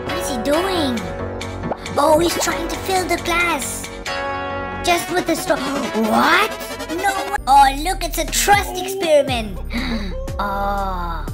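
A woman hosting a reaction video, gasping, laughing and exclaiming at funny clips. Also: high-pitched. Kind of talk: excited video reaction commentary.

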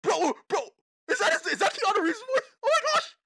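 Hyper young gamer shouting reactions. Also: very high-pitched, very animated, fairly quick, gravelly, no echo, clean studio sound. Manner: hyper, shouts and laughs, lots of "bro" and "oh my gosh". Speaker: gaming channel host. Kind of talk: excited trailer reaction.

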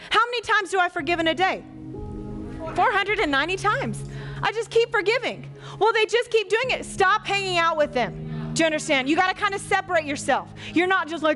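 A woman preaching a live children's sermon in church, animated, asking the kids questions and acting out quotes. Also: extremely high pitch. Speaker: children's pastor. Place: church hall.

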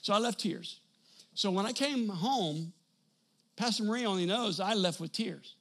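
A man preaching a storytelling sermon to a live congregation, animated, acting out dialogue and building to bursts of laughter and shouting. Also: high-pitched, a little slow. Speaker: pastor. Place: church service before a congregation.

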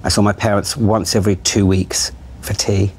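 A man's voice: lowish voice, little pitch movement, moderate pace, darkish tone, husky. A middle-aged man talking frankly and self-deprecatingly about himself in a therapy-style conversation. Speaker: TV channel executive in a therapy session. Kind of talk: candid conversation.

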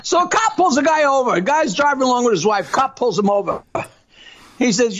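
A woman telling jokes as a guest on a comedy podcast, in a lively way. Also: fairly high pitch, a little fast, dull audio. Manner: lively, laughs between jokes.

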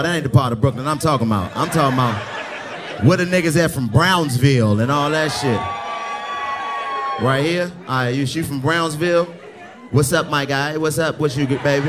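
A male stand-up comedian roasting the audience with loud, brash crowd work, often yelling and cursing. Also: fairly high pitch. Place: live comedy club ballroom. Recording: live club with crowd noise.

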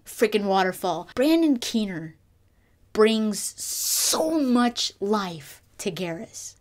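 Female gaming vlogger, mid-pitched, excitable and gushing, casual fan chatter full of restarts. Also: slow pace.

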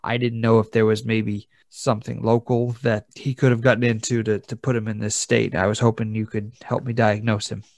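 A man speaks in character for a tabletop game, hesitating and restarting his phrases. His voice is gravelly with fry, and the sound is dry and close. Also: lowish voice, level tone, brisk, hardly any pauses, no room sound. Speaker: player. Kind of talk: in-character tabletop role-play.

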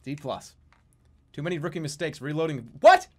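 A man streaming a video game live, reacting excitably with lots of swearing and laughter. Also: on the high side, moderate pace. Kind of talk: live gaming commentary.

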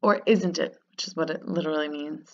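A woman teaching a recorded grammar lesson, upbeat and patient, repeating words slowly so they sink in. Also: low voice, steady tone, darkish tone. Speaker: French teacher. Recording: dull lo-fi sound.

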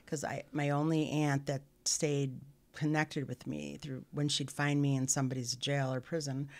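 Gravelly middle-aged woman telling her story. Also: low-pitched, flat delivery, darkish tone. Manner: earnest, halting, frequent restarts. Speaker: podcast guest. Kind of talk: candid personal storytelling.

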